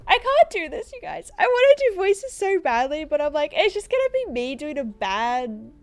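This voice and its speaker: Young Australian woman, gaming commentary, chatty and self-mocking, high animated voice. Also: moderate pace. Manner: chatty, self-deprecating, laughs often. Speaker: gaming YouTuber. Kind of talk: casual gameplay commentary. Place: apartment room. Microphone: desk microphone.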